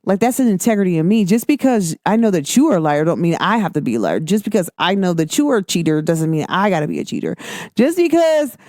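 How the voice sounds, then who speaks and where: Fast and animated, a woman hosts a casual talk show, speaking with lots of emphasis. She shifts her voice upward to act out what others told her. There's no room echo; the sound is close and dry.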